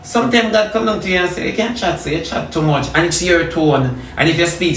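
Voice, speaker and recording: A man with a Jamaican accent preaching a lively comic sermon, swinging between loud exhortation and low murmured prayer. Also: fairly quick, few pauses. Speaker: comedic preacher. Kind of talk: animated street sermon with prayer. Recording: echoey room from a distance with faint hum.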